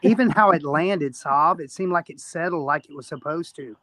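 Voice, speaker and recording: A man's voice: fairly high pitch, moderate pace, bright, forceful tone. A man joining a livestream in casual chat, amused and appreciative. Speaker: guest on the stream.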